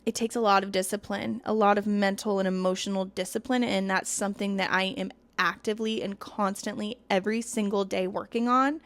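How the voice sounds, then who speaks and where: A woman's voice: medium pitch, fairly even intonation, fairly quick, hardly any pauses. A woman in her thirties hosting a solo podcast, talking candidly and confidingly, now and then stretching words for emphasis. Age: 30s. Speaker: podcast host.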